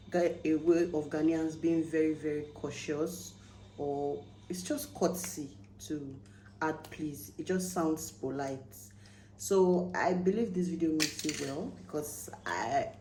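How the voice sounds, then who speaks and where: A woman with a Nigerian accent talks casually to her viewers, turning animated when she acts out everyday phrases. Her voice sits low, and the room gives it a roomy echo with a faint hum behind. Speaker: vlogger. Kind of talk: casual explainer vlog.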